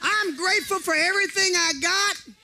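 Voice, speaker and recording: A man's voice: extremely high pitch, steady tone, normal speed, pushed and bright, a little hiss or hum. A man preaching a fervent sermon to a congregation, repeating phrases and urging the listeners to respond. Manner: fervent, repetitive exhortation to the congregation.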